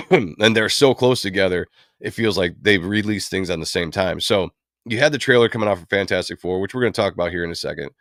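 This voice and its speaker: A man's voice: low-pitched, brisk, fairly bright tone, dry recording, clean studio sound. A man hosting a livestream, talking casually and at length, rambling with many fillers. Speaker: livestream host. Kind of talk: casual commentary on comic book films.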